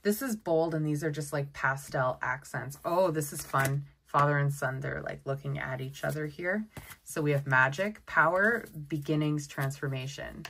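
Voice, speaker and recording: A woman giving a casual tarot deck walkthrough, chatty and excitable, often exclaiming over the cards. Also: low-pitched, moderate pace, a little hiss or hum. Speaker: tarot content creator.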